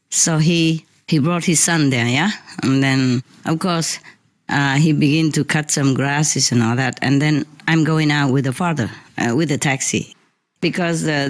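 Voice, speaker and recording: A spiritual teacher telling a casual anecdote on a live stream, in chatty, non-native English with many repeated words and frequent laughter. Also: medium pitch. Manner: laughs often while telling. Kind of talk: casual anecdote told to listeners. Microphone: live stream microphone.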